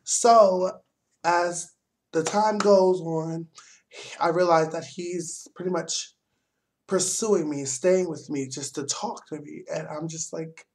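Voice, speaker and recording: A young man vlogging, telling a story in a heavily profane, animated rant. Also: fairly high pitch, takes it slowly.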